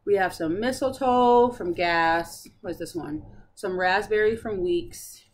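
A woman's voice: medium pitch, measured pace. Chatty woman hosting a stitching chat. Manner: chatty, bubbly, many fillers. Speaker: Flosstube host. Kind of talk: casual cross-stitch chat.

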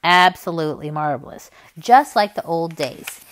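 A fond, gentle father talks his young son through an old poaching trick, his voice pitched a little low and his tone lively and warm with memory, as a woman reading aloud voices him. He rises and falls with enthusiasm as he explains. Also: moderate pace. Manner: fond, storytelling.

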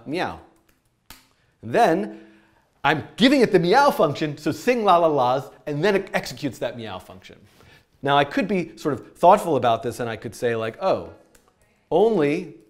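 A man talking through code as he writes it, animated and a little scattered. He rambles, corrects himself and laughs at his own mistakes, keeping the lesson loose and informal. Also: mid-range voice. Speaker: programming teacher. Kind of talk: live-coding tutorial.

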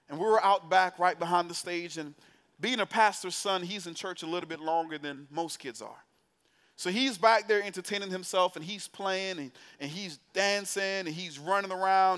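A man's voice: sits high, normal speed, fairly bright tone, smooth. A man preaching to young adults in a church, telling a story in a playful, conversational way and putting direct questions to the congregation. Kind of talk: storytelling sermon. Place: church sanctuary.

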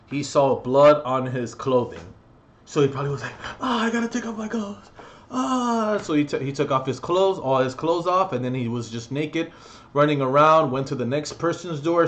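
A young man telling a story on his vlog in a blunt, rambling, profane way, with lots of fillers. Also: mid-range voice. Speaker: vlogger.

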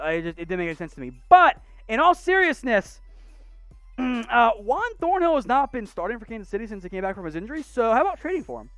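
A sports show host tears through viewer questions in casual mailbag commentary, blunt, opinionated and sarcastic. The delivery is lively, with pitch leaping up and down in rapid-fire bursts. The voice sits dry and close, with faint music underneath. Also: dry recording. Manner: animated, rapid-fire ranting with restarts.

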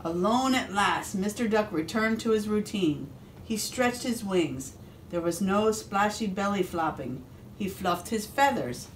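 Slow, expressive woman reading to children. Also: mid-range voice, a little hiss or hum. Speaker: police officer reading to children. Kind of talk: reading a picture book aloud to a class.

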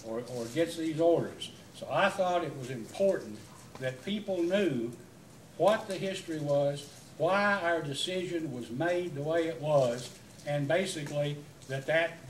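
A man's voice: fairly high pitch, normal speed, a little hiss or hum. Emphatic man questioning at a hearing. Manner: emphatic, rambling, many restarts. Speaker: utility commissioner at a public hearing. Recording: echoey hearing room, mic at a distance.

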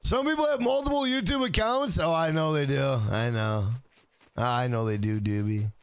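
A man's voice: on the high side, normal speed, smooth, no echo. A man streaming a game, chatting casually with his viewers in a joking, profane way. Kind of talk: casual gaming livestream chat.

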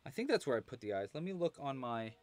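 A man hosting a casual crochet livestream, talking quietly to himself as he works and chatting with viewers, with faint music behind. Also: mid-range voice, quick pace, slight background noise. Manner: relaxed, murmurs to himself while working, chatty with viewers.

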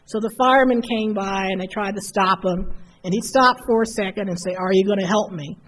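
A woman's voice: mid-range voice, a little fast. A woman giving a motivational keynote speech, telling a story that builds to an emphatic refrain. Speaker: keynote speaker. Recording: faint noise, live conference hall.

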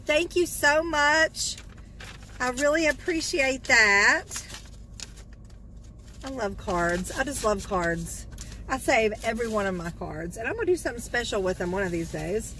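A woman with a high, bright voice talks slowly and warmly from inside a parked car. She gushes, drawing out her thanks, and a faint hum of noise sits under her voice. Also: low-quality recording. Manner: gushing, effusive, repeats thanks. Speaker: vlogger opening fan mail. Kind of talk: casual chat.

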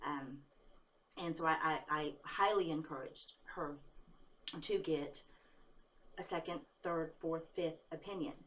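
A woman's voice: low voice, a little slow, pauses often, a bit bright, a little hiss or hum. Candid, tired woman psychic vlogging. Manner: rambling and candid, swears when angry, laughs often. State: tired after a workday. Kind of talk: casual talk to camera.

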